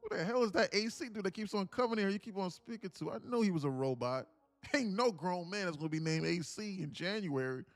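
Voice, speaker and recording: A man voicing a broke, fed-up male viewer of a trading stream, ranting indignantly and profanely in a raised pitch. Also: animated, fairly quick, faint music behind.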